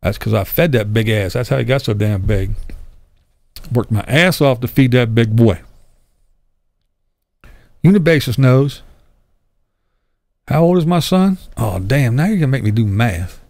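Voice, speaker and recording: A man's voice: medium pitch, gravelly, darkish tone, no room sound. An older man hosting his own channel, chatting casually with viewers and answering their comments in a blunt, profane way, laughing often. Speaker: YouTube channel host.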